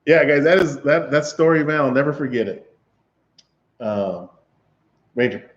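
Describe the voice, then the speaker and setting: A man with a fairly high, expressive voice hosts a livestream, telling his chat a long story at a measured pace while laughing. The highs are cut off, and his rambling keeps restarting.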